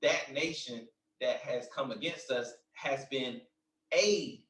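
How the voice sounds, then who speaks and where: A man in a religious discussion, speaking haltingly as he chimes in to back up a point. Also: mid-range voice, a bit bright, echoey room, far from the mic, low-quality recording. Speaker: discussion participant.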